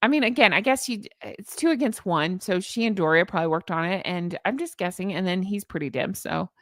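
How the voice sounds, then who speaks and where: A middle-aged woman hosting a casual commentary stream, sarcastic and animated, reading out an article and answering her live chat. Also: medium pitch, fairly quick, no room sound, studio quality. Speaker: commentary channel host.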